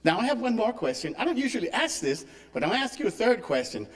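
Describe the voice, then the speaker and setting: A man's voice: sits high, very animated, quick pace, voice pushed up. A man voicing an older male priest questioning a new worker in a told joke.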